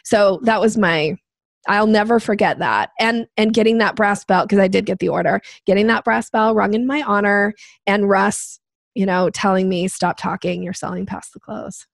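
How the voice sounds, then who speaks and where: An animated woman in her fifties, telling a story from her sales days with quick, lively energy. Her voice sounds dry and close, with no room echo around it. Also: mid-range voice, creaky. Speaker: guest. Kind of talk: storytelling in a podcast interview.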